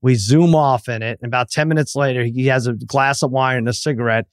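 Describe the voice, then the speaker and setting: A man's voice: medium pitch, steady tone, a little fast, clear, resonant tone, no echo, studio quality. A middle-aged man, a regular on the podcast, telling prank stories with lots of laughter in casual chat. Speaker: podcast regular, comedy writer.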